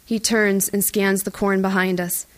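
A woman reading a first-person audiobook in a tense, even storytelling voice. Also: mid-range voice, measured pace. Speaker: audiobook narrator. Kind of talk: first-person scripted narration.

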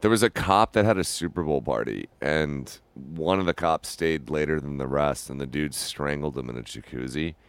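Man co-host, extremely deep voice, lively intonation, dry sound. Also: moderate pace, hardly any pauses, clear, resonant tone, no room sound. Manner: loud, joking, jumps between topics. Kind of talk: casual banter.

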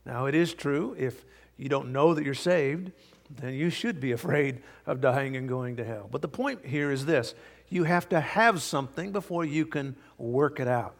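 An older man preaching a sermon as pastor, earnest and emphatic, sometimes dropping to soft asides. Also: medium pitch, normal speed, gravelly. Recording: long reverb of a large hall.

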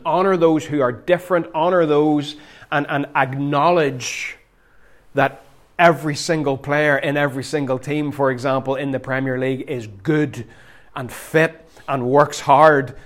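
A middle-aged man preaching a sermon as pastor, animated and emphatic, sometimes laughing. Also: fairly high pitch.

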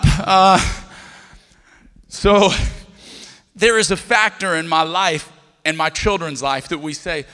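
A pastor preaches to a congregation, acting out the voices of each person in his story. He is a man in his thirties with a bright, forceful tone. His voice rings out with the long reverb of a large church hall. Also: on the high side, normal speed. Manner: storytelling, acts out dialogue with voices. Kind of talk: sermon.

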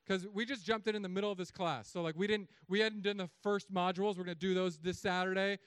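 A man in his thirties preaching a sermon as pastor, telling stories in an animated way with sudden loud, high bursts. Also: quick pace, clean tone, no echo, clean studio sound.

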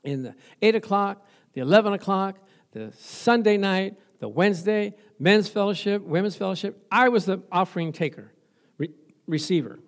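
Man, pastor, high voice, animated storytelling sermon, chuckling asides. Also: normal speed. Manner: animated storytelling with laughs and praise interjections.

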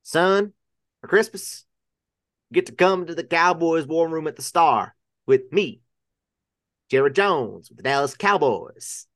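A man's voice: on the high side, expressive, a little slow, long pauses, dry recording, studio quality, voice pushed up. A man impersonating a boastful older team owner talking to his grandkids.

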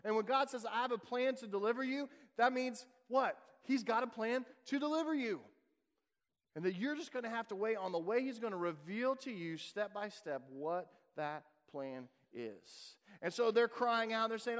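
A man delivers a sermon as a pastor, his voice pitched high for a man. He presses his points with rhetorical questions and answers them himself. The sound carries a long reverb, as if he is in a large hall. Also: animated, moderate pace, fairly bright tone. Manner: emphatic preaching with rhetorical questions.

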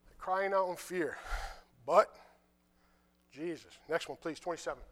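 A man preaching a sermon, reading scripture and retelling it in casual, conversational dialogue, with quiet asides in between. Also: fairly high pitch, a little slow. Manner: animated, drops to quiet asides.

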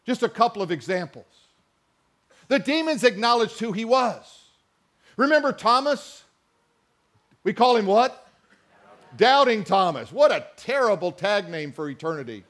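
A high-pitched man delivering a sermon. He stretches scripture lines out slowly and stresses them hard. Now and then he asks the congregation to say words back with him. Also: lively intonation, a bit bright. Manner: emphatic, drawn-out scripture reading, calls to the congregation. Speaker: preacher.

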